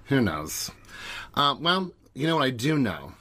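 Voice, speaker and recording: A man co-hosting a gossip podcast from a small home closet. He is chatty and teasing, with a voice at an everyday middle pitch. He rambles along in a relaxed way. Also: measured pace. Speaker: podcast co-host. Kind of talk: casual chat.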